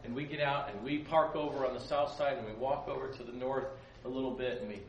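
A man preaching a sermon, telling a story with animated delivery and acting out the voices in it. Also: mid-range voice, fast, highs cut off, slight background noise. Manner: animated, acts out voices in his stories. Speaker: pastor leading a Bible study. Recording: roomy, distant mic with faint ambience.

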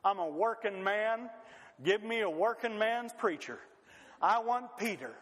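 A preacher doing a blunt blue-collar churchgoer. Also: male voice, medium pitch, moderate pace, voice pushed down, close to an everyday voice. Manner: blunt, loud, generic working-class accent. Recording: long hall reverb.

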